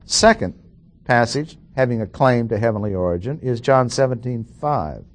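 A middle-aged man teaching a Bible lesson in a slow, deliberate way, repeating key phrases for emphasis. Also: medium pitch, animated.

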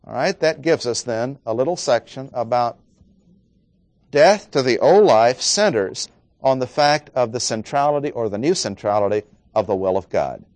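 A man preaching an expository sermon, working through verses and stressing key words with slow, dramatic pauses. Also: mid-range voice, lively intonation, darkish tone, no echo.

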